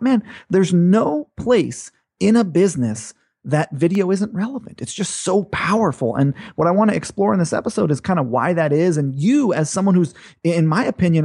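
A man's voice: a little high, a little mellow, husky. A man hosting a podcast, talking in a casual, chatty way. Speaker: podcast host.

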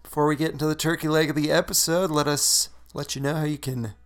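A man's voice: fairly high pitch, fairly even intonation, fast. A man co-hosting a casual podcast, chatty and laughing often. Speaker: podcast co-host. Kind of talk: casual chat.

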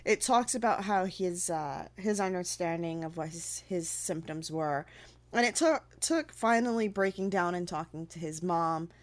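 Woman co-host reading notes, slightly low. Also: expressive, moderate pace, no echo. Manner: reads aloud with frequent stumbles and fillers. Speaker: podcast co-host. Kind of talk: casual podcast chat, reading notes aloud.

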